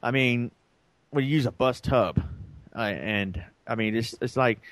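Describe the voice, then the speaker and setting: A man's voice: medium pitch, measured pace, no echo. A man co-hosting a podcast, telling a long story in a rambling, casual way and acting out the lines of the people in it. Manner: rambling, acts out quoted dialogue. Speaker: podcast co-host.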